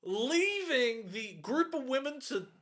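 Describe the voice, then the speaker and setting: A man's voice: very high-pitched, big pitch swings, takes it slowly, a bit bright. A man co-hosting a podcast, trading jokes and dry sarcastic asides in casual film-review banter. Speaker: podcast co-host.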